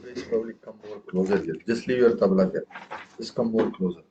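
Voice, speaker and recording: A man's voice: on the low side, a little fast, lo-fi sound, background noise. Patient man teaching tabla syllables. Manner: patient, repeats "okay" and "right?", chants syllables aloud. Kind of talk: classroom music lesson. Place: room with students.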